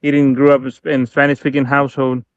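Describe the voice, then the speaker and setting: Smooth-voiced man on dull dry audio. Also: medium pitch, completely flat delivery, fast, no echo. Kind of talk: casual chat.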